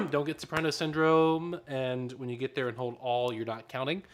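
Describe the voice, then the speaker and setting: A man's voice: medium pitch, fairly even intonation, moderate pace. A man leading a choir rehearsal, giving directions between short sung demonstrations. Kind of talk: rehearsal instruction.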